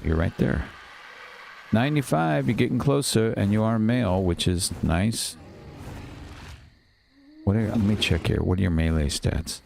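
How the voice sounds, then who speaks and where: A man commentating casually over his own gameplay, muttering to himself and quick to get frustrated and swear. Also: low-pitched, gravelly, a little mellow, slight background noise. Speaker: gaming channel host.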